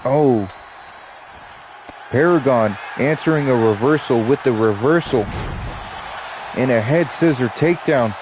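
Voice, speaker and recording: A man's voice: medium pitch, measured pace, pauses often, dull audio, noisy background. Stuffy-nosed man calling wrestling. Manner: casual, joking asides between calls. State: stuffy nose. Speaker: play-by-play commentator. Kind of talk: wrestling commentary.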